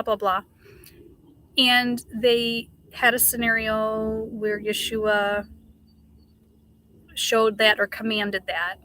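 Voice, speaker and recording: A woman's voice: mid-range voice, a bit bright, slight background noise. A middle-aged woman streaming live, ranting passionately in casual chat, swearing and greeting viewers.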